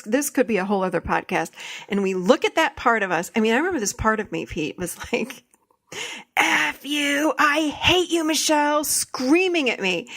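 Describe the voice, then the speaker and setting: A woman's voice: medium pitch, fairly bright tone, no room sound. A woman hosting a podcast, talking earnestly and enthusiastically and repeating phrases for emphasis. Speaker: podcast host and therapist. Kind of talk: casual podcast chat.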